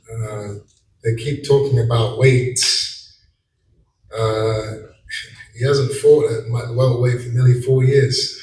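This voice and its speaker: A man's voice: medium pitch, slight background noise. A man, a boxer, answering press conference questions in a confident, dismissive way. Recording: echoey room from far off with faint ambience.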